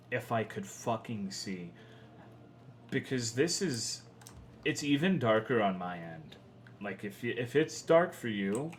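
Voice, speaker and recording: A man's voice: medium pitch, slight background noise. A young man from Texas giving rambling, profane commentary while livestreaming a video game, reading and answering chat. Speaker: game streamer.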